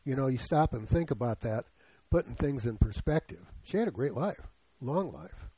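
A man's voice: mid-range voice, lively intonation, moderate pace, warm tone, husky, no room sound, low-quality recording. A man in his seventies preaching a sermon in a conversational way, often putting questions to the congregation. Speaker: pastor.

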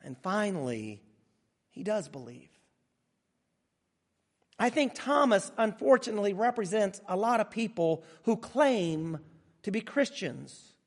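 A man's voice: high-pitched, very animated, in a large hall. A man preaching a sermon to a gathered congregation, dramatic and emphatic, drawing out key words. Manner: dramatic, emphatic preaching with slow drawn-out phrases. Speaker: pastor. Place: large room with an audience.

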